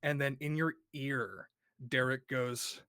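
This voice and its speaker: A man narrating a horror tabletop game as game master, casual and animated, swearing freely. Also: medium pitch, slow, no room sound, clean studio sound.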